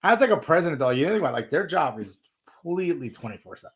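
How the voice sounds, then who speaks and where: A man's voice: fairly high pitch, very animated, fast talker, fairly bright tone, husky. A man co-hosting a podcast in casual chat, laid-back and agreeable, steering the talk. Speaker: podcast co-host.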